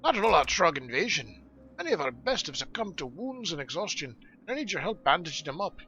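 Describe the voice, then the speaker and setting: A man reads out a gruff dwarf quest-giver in a rolling put-on dwarf brogue, bossing the listener about the village troubles. The voice sits rather high and swings all over the place, with a bright, forceful edge. Game music plays faintly underneath. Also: sing-song, fast, muffled recording, full character voice. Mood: commanding. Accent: put-on fantasy dwarf brogue. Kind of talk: reading game quest text aloud.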